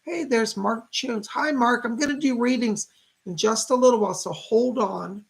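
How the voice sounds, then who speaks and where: A man in his fifties hosting a casual psychic livestream, chatting warmly with viewers and greeting them by name. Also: very high-pitched, moderate pace, vocal fry, breathy edge. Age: 50s.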